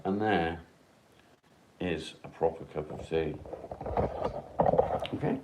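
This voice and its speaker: A man's voice: deep voice, takes it slowly, heavy background noise. A man hosting a casual live stream at home in his kitchen, chatting bluntly, swearing freely and talking to his dog.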